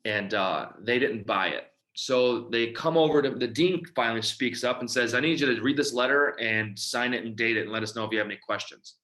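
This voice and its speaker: A man's voice: medium pitch, a little fast, hardly any pauses, sharp tone. A man from Michigan giving a personal testimony talk about his recovery, telling the story and acting out the dialogue. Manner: storytelling, acts out quoted dialogue. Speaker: recovery speaker.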